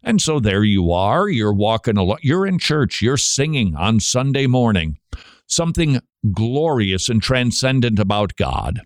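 A man's voice: mid-range voice, very animated, measured pace, no echo, studio quality. A man hosting a christian radio talk show, preaching emphatically and asking rhetorical questions he answers himself. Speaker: radio host.

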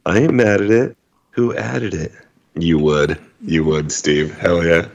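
A man with a remarkably deep, low voice chats casually as a podcast co-host. His talk is loose, profane and quick to get excited, joining the others over a remote call. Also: vocal fry, dull audio. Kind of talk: casual chat.

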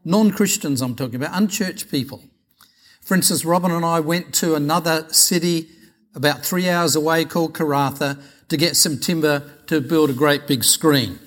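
A middle-aged Australian pastor preaches by telling anecdotes. His voice sits a touch high. He is chatty and acts out each exchange with animation. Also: a bit bright. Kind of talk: sermon storytelling.

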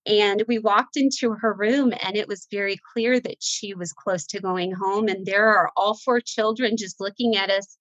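A woman's voice: medium pitch, fairly even intonation, normal speed, few pauses, fairly bright tone, no echo, muffled recording. Heartfelt woman telling a faith story. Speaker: guest author. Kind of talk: emotional faith conversation.

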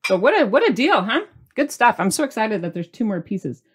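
A woman's voice: on the high side, sing-song, a little fast, slightly rough. A middle-aged woman hosting a casual cooking video, bubbly and chatty, sometimes talking while she eats. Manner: bubbly, chatty, talks with mouth full while tasting. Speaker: cooking channel host.

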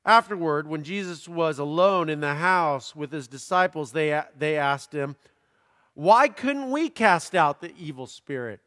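Preacher, male, higher voice, unhurried scripture reading with commentary, long reverb. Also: lively intonation, a bit bright. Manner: slow, deliberate reading with commentary.

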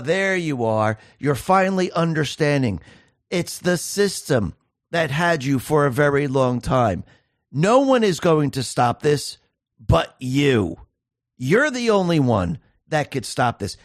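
A man's voice: a little high, very animated, a little slow, no echo, studio quality. A man hosting a solo political commentary show, talking emphatically and piling up rhetorical questions.

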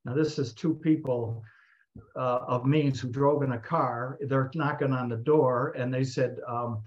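A man with a mid-pitched voice tells a story in a talk, narrating with animation and acting out the people he quotes. The recording is slightly muffled. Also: steady tone, a little slow. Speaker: speaker.

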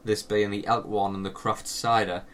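A man's voice: lowish voice, little pitch movement, moderate pace, a bit bright. A young man, co-hosting a podcast in casual, sweary banter with lots of fillers. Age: young adult. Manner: laid-back banter, swears, trails off with fillers. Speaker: podcast co-host. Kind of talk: casual chat.

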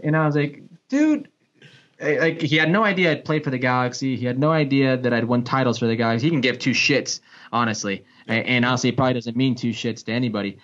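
A man, a sports broadcaster and former pro soccer player, telling a story in a casual podcast chat, with big pitch swings and frequent restarts. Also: fast, fairly bright tone. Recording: dull lo-fi podcast audio.

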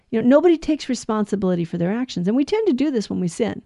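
A woman's voice: a little high, animated, fast talker, vocal fry, few pauses, dark tone, dry recording, clean studio sound. A woman giving a scripture talk, telling Bible stories and acting out the characters' lines with light laughs between points. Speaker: Bible teacher.

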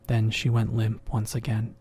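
A man narrating a horror story in a measured voice that sinks into whispers. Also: on the low side, completely flat delivery, darkish tone, breathy edge. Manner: slow, measured, dropping to whispers.

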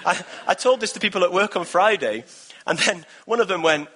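Bright, husky-voiced man preaching. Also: high-pitched, fairly quick. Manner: earnest, encouraging preaching with repeated phrases. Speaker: pastor. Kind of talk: sermon.

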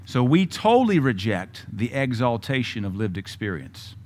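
A man preaching a sermon with a blunt, combative delivery, breaking into loud bursts and mocking asides. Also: medium pitch, big pitch swings, moderate pace. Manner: mocking mimicry of other voices. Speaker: pastor.

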